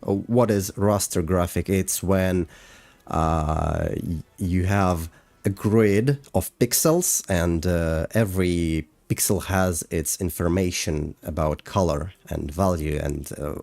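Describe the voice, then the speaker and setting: A man's voice: sits low, slow pace, a little mellow, no echo. A man casually chatting on a livestream while walking through his animation work, hesitant with many fillers. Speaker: animator streaming a breakdown. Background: faint music.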